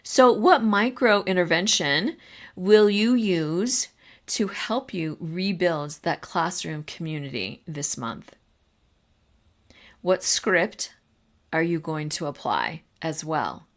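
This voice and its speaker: A woman's voice: lowish voice, animated, slow. A middle-aged woman hosting a podcast for teachers, talking in a casual, encouraging way with fillers and asides. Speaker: podcast host.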